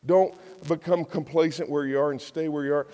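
A man's voice: a little high, steady tone, brisk, mellow. A male pastor preaching a conversational, jokey sermon and acting out quotes in voices. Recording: long hall reverb.

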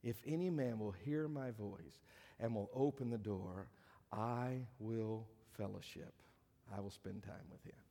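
A man's voice: on the low side, measured pace, dark tone, big-room sound. A middle-aged male pastor preaching a conversational sermon to a congregation, with dry joking asides. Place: church sanctuary.

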